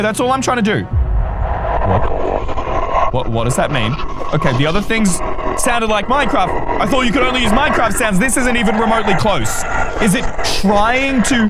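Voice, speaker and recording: A man giving live gameplay commentary as a gaming video creator, excitable and jumpy, often breaking into screams and exclamations. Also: sits high. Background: background music.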